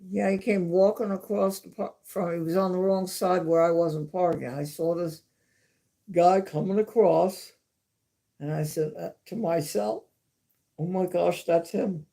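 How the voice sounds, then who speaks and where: Woman chatting on a home livestream, unhurried, creaky voice, repeats herself for emphasis. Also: lowish voice, fairly even intonation, mellow. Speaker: livestream host. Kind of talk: casual storytelling.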